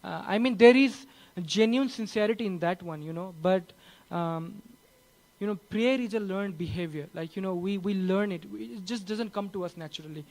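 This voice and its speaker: A man giving a conversational sermon, often saying "you know" between thoughts and slowing down to read a letter with earnest weight. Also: high voice, darkish tone, rough recording. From Nepal. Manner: slow, earnest reading of a quoted letter. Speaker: preacher. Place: church.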